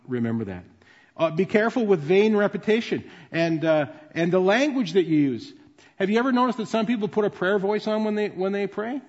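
High-voiced male pastor, booming hall. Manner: conversational, explanatory teaching. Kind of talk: sermon. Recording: dull sound with long reverb in a large hall.

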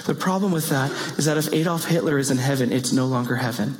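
A man preaching a sermon in an animated way, with playful asides and rising exclamations. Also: mid-range voice, fast talker. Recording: long hall reverb.

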